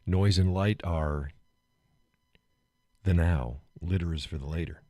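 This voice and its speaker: A man's voice: low-pitched, slow pace, mellow, no room sound. A man hosting a live stream, chatting casually, joking, laughing often and getting worked up as he rants.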